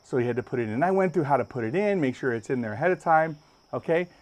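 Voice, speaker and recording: A man hosting a podcast, telling a story with lots of energy and jumping up high when he acts out other people's lines. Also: lively intonation, fast talker, darkish tone. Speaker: podcast host. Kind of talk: animated storytelling. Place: podcast studio.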